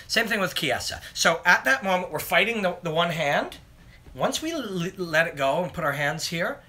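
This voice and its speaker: Streaming casually from his phone camera, a man wanders through fight breakdowns and responds to viewer comments on his phone. He speaks with a sharp tone in a voice on the high side.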